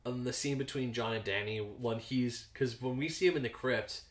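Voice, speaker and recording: A young man co-hosting a podcast in casual chat, walking his friends through fantasy history. His voice sits at a medium pitch, and he drops into quick character impressions as he explains. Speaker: podcast co-host.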